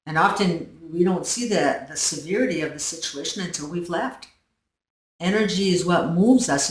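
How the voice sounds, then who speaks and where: A woman hosting her own channel, giving a slow, earnest self-help talk that she drifts into softly. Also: fairly low pitch, recorded from a distance. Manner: slow, earnest, storytelling with soft dips in volume. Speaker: channel host. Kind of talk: reflective self-help monologue. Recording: roomy echo, voice set back from the mic.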